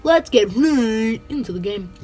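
A woman's voice: a little high, expressive, measured pace. A playful female host, casually commenting over gameplay with goofy sing-song bits and a habit of saying "bloody". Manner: self-censors swearing, says "bloody" a lot. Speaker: gaming channel host.

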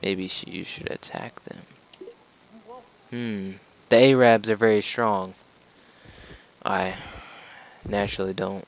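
A man's voice: lowish voice, steady tone, slow, long pauses, low-quality recording. A man giving casual gameplay commentary as a let's play gamer, joking, rambling and talking to the game as he plays.

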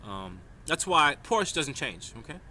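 A man's voice: on the high side, sing-song, measured pace, pushed and bright, slight background noise. A man from New York delivering a rambling, emphatic stream-of-consciousness vlog monologue, often tagging his points with "right?". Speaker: vlogger.

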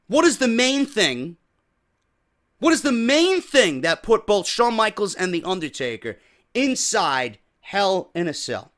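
A podcast host with a New York accent rants profanely about wrestling, firing off one rhetorical question after another. His voice sits high with a fairly bright tone.

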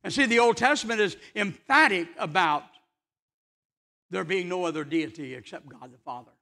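A man preaching a sermon in a church, his voice unusually high and bright. He drives his points home with emphatic rhetorical questions and short, insistent answers. The delivery stays fervent and forceful throughout. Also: normal speed, creaky. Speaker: pastor.

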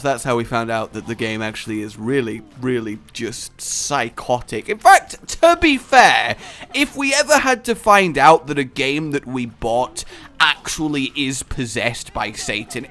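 A young man talking through gameplay in an energetic, jokey, rambling way, full of silly asides. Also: medium pitch. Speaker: gaming YouTuber. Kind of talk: gameplay commentary.

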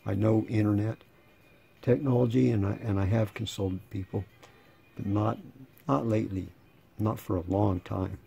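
A man's voice: lowish voice, fairly even intonation, normal speed, creaky, long pauses, dark tone, husky. A man in his sixties casually reading chat messages aloud, with dry sarcastic asides and a rambling way of talking. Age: 60s. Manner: rambling, repeats and restarts words. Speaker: channel host.

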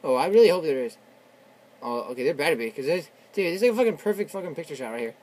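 A young man giving casual, excitable commentary while playing a video game, shouting and swearing, his voice worn from yelling. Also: a little high, fast, dry recording. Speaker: gamer. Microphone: tablet on a desk.

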